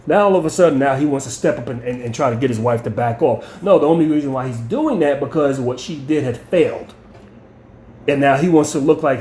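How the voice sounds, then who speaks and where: A man's voice: on the high side, a little fast, a little mellow, reverberant, slight background noise. A man telling stories and ranting bluntly, with heavy profanity and words repeated when he gets heated. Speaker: channel host. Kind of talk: profane storytelling rant.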